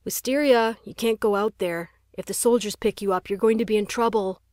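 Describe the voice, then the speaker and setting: A woman's voice: mid-range voice, steady tone, fairly quick, a little mellow, dry recording, clean studio sound, pitched above the performer's own voice, natural voice. Woman voicing a sneering teenage prankster boy. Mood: mocking. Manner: sneering, teasing.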